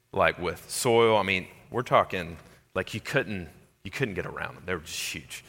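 A pastor preaching in a casual, animated way, with "like" scattered through his talk. His voice is fairly low and bright with a forceful edge, and a long hall reverb trails behind him. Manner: animated, conversational, lots of "like" fillers. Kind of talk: sermon.

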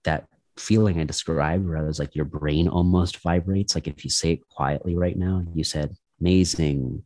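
Super deep-voiced guy on a podcast, laid back, says like a lot, dry close sound. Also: moderate pace, no echo. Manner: relaxed, rambling, many "like" fillers. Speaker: podcast guest. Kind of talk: casual conversation.

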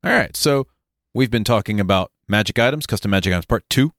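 A man's voice: lowish voice, expressive, quick pace, vocal fry, fairly bright tone, dry recording, studio quality. A man co-hosting a casual podcast, joking and leading the talk in a playful way. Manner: jokey, playful, leads the segments. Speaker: podcast co-host.

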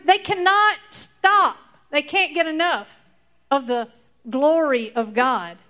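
A woman teaching a lively Bible lesson to children, acting out the story with fillers and bursts of excitement. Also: sits high, slow pace.

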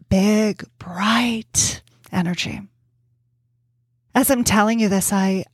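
A woman's voice: mid-range voice, husky, no echo. Candid, heartfelt woman podcaster in her forties. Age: 40s. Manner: candid and heartfelt, swears casually, laughs often. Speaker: podcast host. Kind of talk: personal reflective podcast monologue.

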